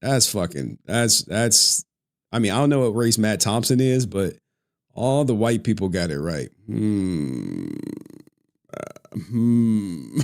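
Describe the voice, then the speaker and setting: Animated joking male livestream host. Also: lowish voice, slow, gravelly. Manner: joking, profane, laughs often. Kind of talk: casual livestream chat.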